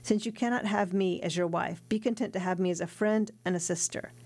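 A woman voicing a determined young woman in love, in an earnest, steady read. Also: medium pitch, brisk, lightly acted. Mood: pleading.

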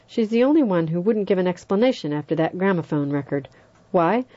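A woman's voice: fairly low pitch, lively intonation, fairly quick, dark tone, muffled recording. A woman reading as a blunt, scornful man.

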